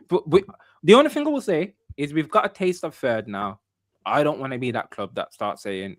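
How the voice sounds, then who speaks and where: A man's voice: medium pitch, big pitch swings, normal speed, no echo, clean studio sound. Upbeat man hosting a fan podcast. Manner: upbeat, repeats phrases. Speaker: podcast host. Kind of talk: casual football fan chat.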